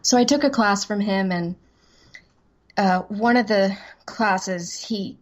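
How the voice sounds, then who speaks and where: A woman's voice: medium pitch, slow, lo-fi sound. Chatty, laughing woman voice actress. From Southern United States. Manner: chatty, self-deprecating, laughs easily. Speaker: voice actress, guest. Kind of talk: casual interview chat.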